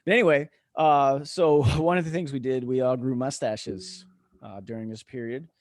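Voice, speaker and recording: With a mid-range voice, fairly even intonation, and normal speed, a retired veteran tells stories as a podcast guest on a remote call. He's relaxed and casual, swears liberally, and chuckles along, all captured in a dry, clean studio recording.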